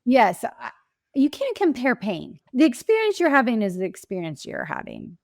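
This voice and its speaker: A woman's voice: on the high side, wildly swooping pitch, moderate pace, creaky, no room sound. Impassioned woman grief coach, dry sound. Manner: impassioned, emphatic, reflective. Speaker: grief coach and podcast guest. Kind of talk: earnest interview answers.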